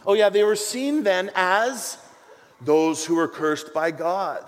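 A middle-aged man with a high voice preaches to a congregation, telling stories with playful, self-mocking asides. His voice rings with the long reverb of a large hall. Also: takes it slowly. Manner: animated, joking storyteller with self-deprecating asides. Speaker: pastor. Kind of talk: sermon.

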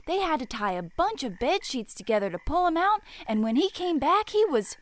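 A woman's voice: sits high, big pitch swings, moderate pace, no echo. A woman playing a doting, folksy older mother with a drawling, theatrical way of talking.

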